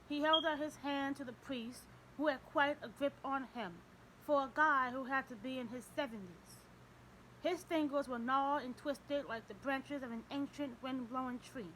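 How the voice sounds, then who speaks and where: A woman narrating a crime novel in an even, descriptive way. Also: sits high, a little hiss or hum, rough recording. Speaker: audiobook narrator.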